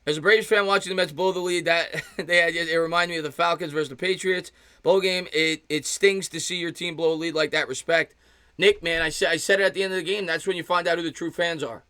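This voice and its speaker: Man in his thirties, fan-streamer play-by-play caller, bright and close-miked, chatty between pitches. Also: quick pace, dry recording. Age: 30s. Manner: excited fan calling pitches, thanks chat viewers. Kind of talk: live play-by-play commentary with chat replies.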